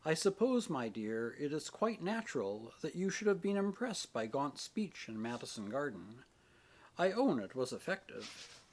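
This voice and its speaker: A man's voice: fairly high pitch, big pitch swings, moderate pace. A man voicing a stern, sarcastic minister father. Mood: stern reproach. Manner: stern, ironic, authoritative. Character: stern middle-aged male minister father, proud and sarcastic. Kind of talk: audiobook character reading.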